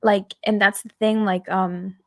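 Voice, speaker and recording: A woman's voice: medium pitch, little pitch movement, measured pace, a bit bright, dry recording, studio quality. A woman co-hosting a casual podcast chat, rambling with lots of fillers and getting emphatic. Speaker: podcast co-host.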